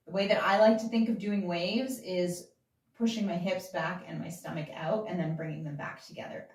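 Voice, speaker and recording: Heard far from the microphone in an echoey room, a woman with a mid-range voice runs a casual dance class at a moderate pace. She's a dance instructor who chats and giggles while calling out beats and describing the moves.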